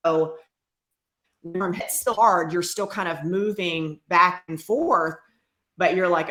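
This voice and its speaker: Woman, lowish voice, earnest faith testimony, echoey room. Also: steady tone, slow pace, fairly bright tone. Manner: earnest, reflective storytelling. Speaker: guest. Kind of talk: faith testimony in a talk show interview.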